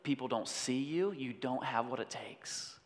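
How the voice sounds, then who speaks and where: A man voicing a lying male enemy spirit who speaks in a hushed, belittling whisper, heard with a long hall reverb. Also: mid-range voice, measured pace, close to an everyday voice.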